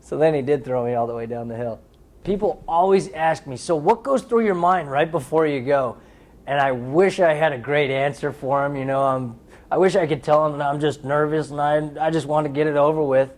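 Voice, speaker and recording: A man's voice: a little high, a little fast, a little mellow. A young man in his twenties, an athlete being interviewed, talking candidly and casually about his sport with playful storytelling.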